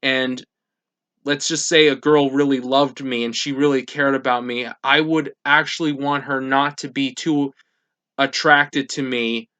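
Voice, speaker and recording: A man's voice: mid-range voice, level tone, a little slow, sharp tone, clean tone, lo-fi sound. A man hosting a casual manga reaction, thinking aloud and getting emotional as he reads. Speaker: reaction channel host.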